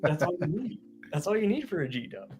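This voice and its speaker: A man's voice: high voice, big pitch swings, brisk, a little mellow. A man hosting a casual livestream chat, playful and joking with his guests, with faint music behind him. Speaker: livestream host.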